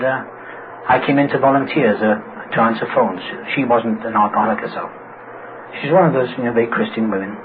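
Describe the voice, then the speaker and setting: A man giving a personal recovery talk, telling his story and acting out the voices of people he quotes. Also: mid-range voice. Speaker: AA speaker. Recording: tinny phone-like recording with noise.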